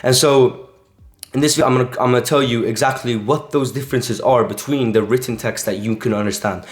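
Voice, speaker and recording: A man's voice: mid-range voice, steady tone, a little fast. A young man teaching casually in a vlog, rambling with lots of filler words. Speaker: language coach. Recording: echoey room.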